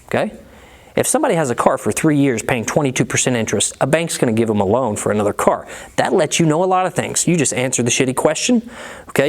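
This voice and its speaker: A man's voice: a little high, a little mellow. A man coaching car salespeople in a blunt, profane, casual way, acting out both sides of sales talk.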